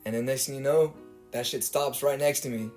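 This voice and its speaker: A man's voice: mid-range voice, fairly even intonation, brisk, a little mellow, soft background music. A young man, a podcast co-host, telling stories in casual chat with a rambling, profane way of talking. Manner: rambling storyteller, swears freely.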